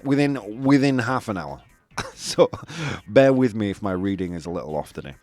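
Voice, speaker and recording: A man's voice: lowish voice, lively intonation, normal speed, a little mellow. A man hosting a live stream, chatting casually with his audience, reading their messages and poking fun at himself. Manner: chatty, self-mocking, reads out chat messages. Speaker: live-stream show host.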